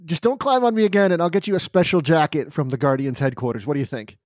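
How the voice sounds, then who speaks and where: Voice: mid-range voice, quick pace, no echo, studio quality. A player in a tabletop game speaking in an easygoing way. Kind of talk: tabletop role-play.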